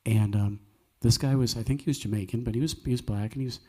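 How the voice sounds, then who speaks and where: A man's voice: medium pitch, fairly even intonation, fast, warm tone. A man, hosting a live cafe music night, telling stories earnestly and preaching with jokey asides. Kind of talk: folksy storytelling with preaching.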